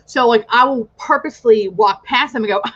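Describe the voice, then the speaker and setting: A woman's voice: on the high side, fairly bright tone. A young woman hosting a casual chat, telling stories with lots of swearing and frequent laughter. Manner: profane, laughs often, quick storytelling. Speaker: podcast host. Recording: slightly dull lo-fi audio.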